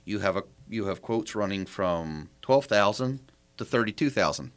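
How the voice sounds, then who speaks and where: Deep-voiced man explaining step by step. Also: animated, moderate pace. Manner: explains step by step with rhetorical questions. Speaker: property manager guest. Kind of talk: casual podcast interview.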